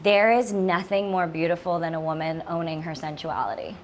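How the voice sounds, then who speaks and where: A woman's voice: lowish voice, fairly quick, a little hiss or hum. A woman talking as a podcast guest in casual chat, acting out her own thoughts in a lifted voice and laughing often. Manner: laughs often, many fillers like "like".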